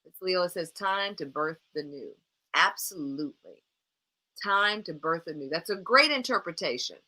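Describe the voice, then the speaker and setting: Animated woman coaching live, bright voice. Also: on the low side, moderate pace. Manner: emphatic, repeats phrases for emphasis, speaks straight to viewers; encouraging and animated. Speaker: life coach hosting a live show. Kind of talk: live motivational coaching broadcast.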